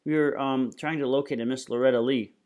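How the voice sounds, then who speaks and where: A man's voice: mid-range voice, fairly even intonation, a little fast, darkish tone, natural voice. A man voicing a nervous, overly polite small boy.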